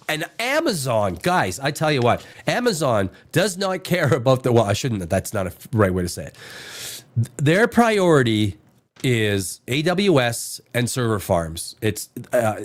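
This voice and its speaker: A middle-aged man hosting a casual talk show, rambling, restarting his sentences and swearing casually. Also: medium pitch. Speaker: podcast host. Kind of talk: casual chat.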